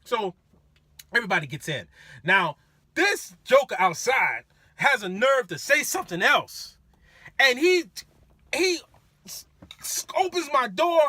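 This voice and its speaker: Male rideshare driver, lively storyteller, high bright voice, dry sound. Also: measured pace, long pauses, no echo. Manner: animated, laughing, acts out voices. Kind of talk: casual storytelling.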